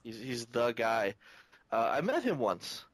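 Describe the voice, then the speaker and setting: A man co-hosting a podcast in easygoing chat, his voice swinging widely in pitch as he gets animated. His mid-pitched voice sits close and dry in the recording. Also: unhurried, no echo. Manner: animated, hops into quoted voices. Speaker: podcast co-host. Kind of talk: casual chat.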